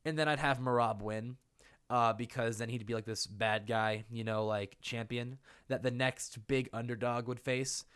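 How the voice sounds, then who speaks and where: A man's voice: mid-range voice, fairly even intonation, moderate pace, a bit bright, clear, resonant tone. A young man talking casually and playfully in an unscripted commentary, laughing often. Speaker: YouTuber.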